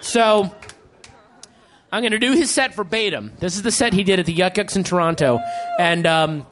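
A man chatting casually and excitably, laughing as he talks. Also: high-pitched, normal speed, background noise. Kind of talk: casual chat.

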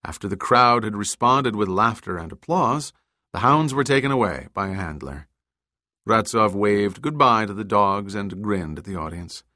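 A man reads an audiobook aloud in a steady, measured voice that sits on the lower side. It's scripted narration, recorded cleanly in a studio with no room sound.

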